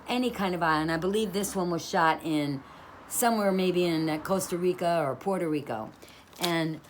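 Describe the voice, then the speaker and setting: A woman's voice: on the low side, a little hiss or hum. A woman author reading from and talking about her own inspirational book, upbeat and a little preachy, rolling through long rhythmic lists. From New York.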